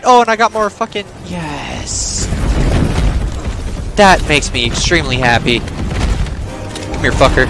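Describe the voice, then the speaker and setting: A man streaming a horror game, commenting in an excitable way, swearing and yelping at scares. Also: fairly high pitch, slow pace, long pauses. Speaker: gaming streamer. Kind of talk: let's play commentary. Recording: game sounds and music behind voice.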